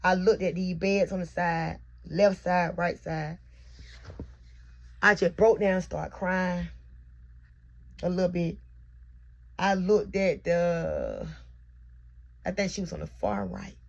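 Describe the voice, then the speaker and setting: A woman's voice: lowish voice, expressive, measured pace, vocal fry, pauses often. A young mother recording herself on camera as she tells a heartfelt, repetitive birth testimony. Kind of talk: emotional personal testimony. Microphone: self-recorded on camera.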